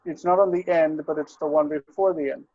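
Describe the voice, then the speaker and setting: Patient man tutoring pronunciation, somewhat high voice. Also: fairly even intonation, fairly quick, no room sound, phone-quality sound. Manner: patient, correcting pronunciation with short affirmations. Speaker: Hebrew and Aramaic tutor. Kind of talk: one-on-one language lesson.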